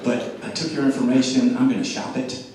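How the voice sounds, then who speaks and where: A man giving an animated sales talk to an audience, throwing questions at the room and acting out quotes. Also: mid-range voice, fairly quick, slight background noise. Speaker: speaker at a club meeting. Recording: echoey room, mic from a distance.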